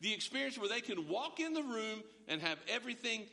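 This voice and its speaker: High, bright-voiced male preacher. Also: very animated, a little fast, vocal fry, in a large hall. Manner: emphatic, with rhetorical questions and stammered restarts. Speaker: pastor. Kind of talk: sermon. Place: church, large hall, streamed.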